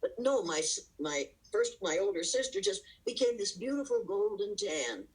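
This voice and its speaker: On a video call, a woman appears as an interview guest, a diversity educator answering with passion and emphasis. Her medium-pitched voice is very animated, somewhat dark and slightly rough, at a normal speed, though the audio is poor. She drives her points home with rhetorical questions and laughs in between.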